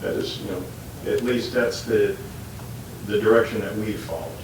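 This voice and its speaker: A man answering a panel question in a measured, hedging way. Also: on the low side, fairly even intonation, vocal fry. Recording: echoey hall, far mic, noise.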